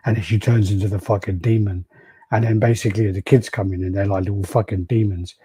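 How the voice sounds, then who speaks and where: A man's voice: fairly low pitch, steady tone, a little fast, mellow, breathy edge, no echo. A man hosting a casual podcast, rambling through stories, acting out quotes and swearing freely. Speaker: podcast host. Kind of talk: casual chat.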